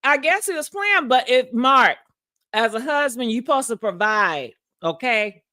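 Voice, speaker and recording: A woman's voice: fairly high pitch, animated, unhurried, bright, forceful tone, no echo, studio quality. A woman vlogger casually telling a personal story to her viewers, frank and profane, laughing often.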